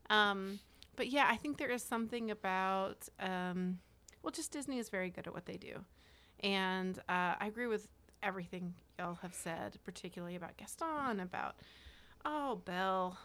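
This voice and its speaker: A woman co-host in casual podcast chat. Her pitch sits in the middle, and she rambles, trailing into hedges as she thinks aloud about a film. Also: normal speed, a bit bright. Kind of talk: casual movie-review chat.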